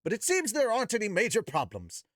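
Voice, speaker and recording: A man's voice: high voice, wildly swooping pitch, fast, a bit bright, dry recording, studio quality, voice pushed up, heavily acted. A man voicing a polite, formal young prince who is devoted to his master. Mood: earnest formal.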